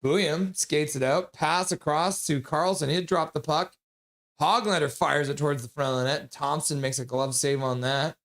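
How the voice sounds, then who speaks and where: A man streaming live play-by-play commentary, joking with viewers between calls and getting loud and excited on big plays. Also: fairly high pitch. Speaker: streamer calling the game live.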